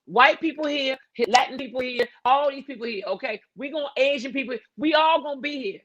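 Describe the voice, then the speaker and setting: Animated woman hosting a livestream. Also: sits high, brisk, no room sound, lo-fi sound. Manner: animated, playful, preachy. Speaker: livestream host. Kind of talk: casual livestream chat.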